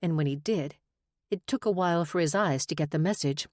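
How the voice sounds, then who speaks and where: In this dry, studio-quality recording, a low-voiced woman gives a measured, expressive scripted reading of a romance audiobook.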